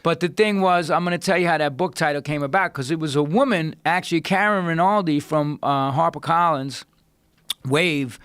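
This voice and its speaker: A man tells rough, profane stories as a podcast guest. His voice sits a bit high, and the studio sound is close and dry. He keeps jumping into other people's voices as he talks. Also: moderate pace, no echo. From New York. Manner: profane, animated, swings his voice up for quotes. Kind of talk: casual storytelling.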